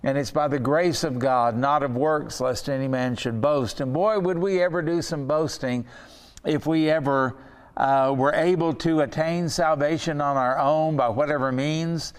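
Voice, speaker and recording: A man with a fairly high, smooth and resonant voice leads a Bible study lesson. He speaks earnestly and slows down to press home key words. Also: long reverb tail. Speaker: Bible teacher.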